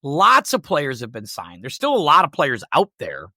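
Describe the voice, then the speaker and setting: A man hosting a podcast, chatting casually and telling stories with lively swearing. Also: a little high, moderate pace, dry recording, clean studio sound. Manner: animated storytelling with profanity. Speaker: podcast host. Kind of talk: casual chat.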